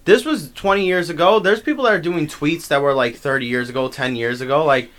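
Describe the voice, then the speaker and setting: A man co-hosting a podcast, talking in an animated way and asking leading questions. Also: fairly high pitch, brisk. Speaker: podcast co-host. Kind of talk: casual chat.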